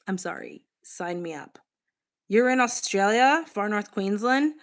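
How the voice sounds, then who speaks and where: A woman's voice: medium pitch, animated, unhurried. Chatty woman streamer reading chat. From Boston, United States. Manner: chatty, candid, reacts to chat messages, casual swearing. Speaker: livestream host. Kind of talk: casual livestream chat, reading comments aloud.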